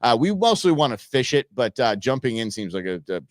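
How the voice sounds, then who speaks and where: A man's voice: mid-range voice, very animated, a little fast, very noisy. A man from the United States hosting a show, chatting casually over viral videos with a rambling, chuckling manner and many fillers. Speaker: show host.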